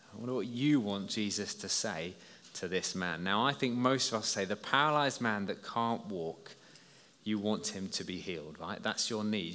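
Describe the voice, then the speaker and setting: Male preacher, animated storyteller, bright tone, echoing church hall. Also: medium pitch. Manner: lively, storytelling, talks to listeners as "you". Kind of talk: children's talk sermon. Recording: long hall reverb.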